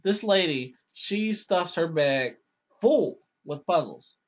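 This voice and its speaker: A man in his thirties casually telling a long story on a podcast, animated, with many restarts and acted-out quotes. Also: on the high side, takes it slowly. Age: 30s. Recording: dull lo-fi podcast audio.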